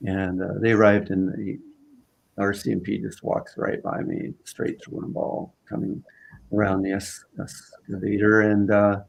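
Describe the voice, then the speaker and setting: A man from Southern Vancouver Island, a guest in a conversation, telling a story casually in halting phrases full of fillers and restarts. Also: on the low side, level tone, gravelly, low-quality recording. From Southern Vancouver Island, Canada.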